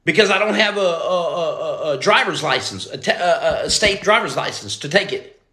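A man's voice: fairly high pitch, animated, normal speed, bright, forceful tone, reverberant. A man hosting a motivational livestream, greeting viewers and reading their comments aloud. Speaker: podcast host, former Navy SEAL.

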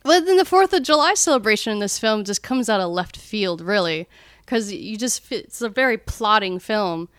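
Woman, podcast co-host, casual film chat, opinionated, smooth voice, dry close sound. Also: medium pitch, normal speed, no echo. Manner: opinionated, animated when retelling scenes.

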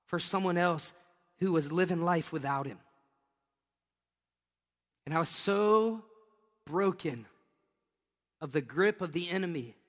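Bright, high-voiced man preaching in a hall. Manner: storytelling, jokey asides, laughs at own jokes. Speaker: pastor. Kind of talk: sermon. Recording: long reverb of a large hall.

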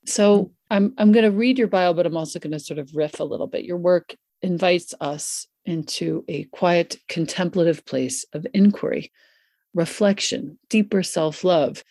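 A woman hosting a podcast, introducing her guest in an effusive, excitable way and riffing casually. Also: on the low side, normal speed, no echo, clean studio sound. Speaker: podcast host. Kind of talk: warm podcast interview intro. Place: Santa Fe, US.

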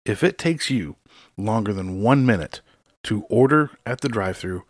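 A man's voice: lowish voice, animated, moderate pace, no room sound, clean studio sound. Profane, ranting male podcast host. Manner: swearing constantly, exasperated ranting. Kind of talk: profane solo rant.

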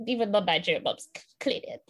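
Husky young woman telling a story. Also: mid-range voice, quick pace. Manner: animated storyteller, laughs often, acts out quotes. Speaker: podcast co-host telling a story. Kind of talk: casual chat.

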